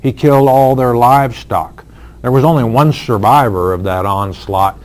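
A man preaching a sermon, explaining scripture in an earnest way with frequent fillers. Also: mid-range voice. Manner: earnest, slow, with fillers and emphatic lines. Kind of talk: expository sermon.

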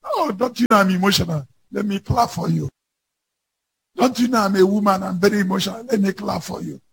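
A man's voice: sits high, a little fast, creaky, breathy edge, heavily acted. A man mimicking a fussy emotional woman. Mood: mocking. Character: mocked overly emotional woman.

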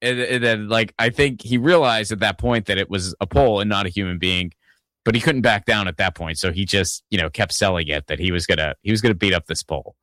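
A man's voice: lowish voice, brisk, pushed and bright, dry recording. A man from Pittsburgh hosting a casual political talk show, rambling with lots of stammered restarts and profanity. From Pittsburgh, Pennsylvania. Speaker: podcast host.

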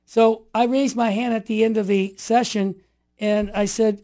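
High-voiced man in his sixties, animated. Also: unhurried. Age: 60s. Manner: energetic and emphatic, acts out quoted voices. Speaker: guest. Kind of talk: animated storytelling.

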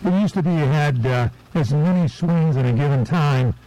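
A man's voice: a little high, normal speed, mellow, no echo, rough recording. Folksy male sports radio host. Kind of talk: casual sports radio chat.

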